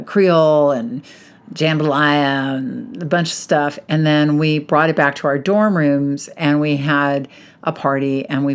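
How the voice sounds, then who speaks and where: Low-voiced chatty woman podcaster. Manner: chatty, animated storytelling with frequent laughs. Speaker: podcast host, hypnotherapist. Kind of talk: casual podcast monologue.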